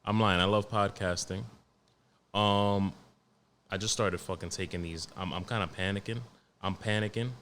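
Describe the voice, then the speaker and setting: A man in his late twenties hosting a podcast alone, talking in a profane, rambling, animated way. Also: lowish voice. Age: 20s. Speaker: podcast host. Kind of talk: casual solo podcast rant.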